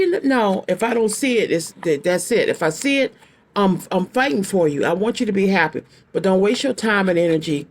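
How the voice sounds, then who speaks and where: A woman's voice: on the low side, a little mellow. A woman in her late fifties giving a casual tarot reading to her viewers, blunt and emphatic, repeating her phrases and using slangy, folksy talk. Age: 50s. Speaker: tarot card reader.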